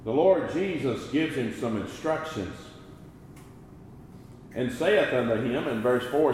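Slow, measured preacher in an echoey hall. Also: male voice, medium pitch, animated, a little hiss or hum. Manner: slow, deliberate preaching with swells and drops in loudness. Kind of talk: sermon.

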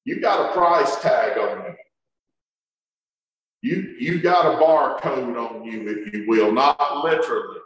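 Slow, emphatic preacher in an echoing hall. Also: male voice, mid-range voice, a bit bright, a little hiss or hum. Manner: emphatic preaching with drawn-out words and dramatic pauses. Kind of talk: sermon. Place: church sanctuary. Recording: echoey hall from far off.

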